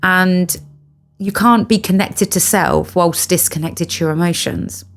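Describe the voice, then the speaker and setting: A middle-aged British woman speaks earnestly to the camera in a casual monologue about spiritual healing. Her voice sits on the low side and moves a little slowly, and she stresses and repeats her key phrases.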